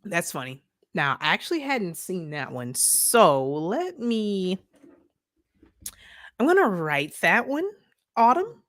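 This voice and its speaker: A woman from Detroit hosting a casual livestream, reading viewer comments aloud in a playful, animated way and laughing often. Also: fairly low pitch, slow pace, long pauses, no room sound, clean studio sound. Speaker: livestream host.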